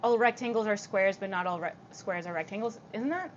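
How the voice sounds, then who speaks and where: A young woman with vocal fry chatting on a livestream, reading comments out loud and answering them in a giggly, casual way. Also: mid-range voice, brisk, muffled recording, slight background noise.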